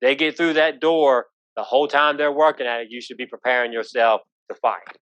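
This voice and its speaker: A man's voice: medium pitch, fairly even intonation, brisk, a bit bright, no room sound. Folksy man giving police training. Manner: folksy, storytelling, asks the room "right?". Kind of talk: live safety training talk. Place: training room. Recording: dull lo-fi sound.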